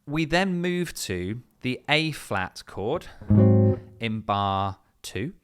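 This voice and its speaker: A man's voice: mid-range voice, big pitch swings, very slow. A man teaching guitar step by step, in a patient, explanatory way with frequent fillers. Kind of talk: step-by-step music lesson. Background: his own guitar playing between phrases.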